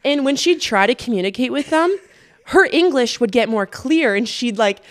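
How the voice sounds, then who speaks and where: A young woman with a fairly high voice co-hosts a podcast in easy, casual chat. She tells stories animatedly, acting out what people said and filling her sentences with "like.". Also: moderate pace. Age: young adult. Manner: chatty, full of "like", animated storytelling with quoted voices. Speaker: podcast co-host.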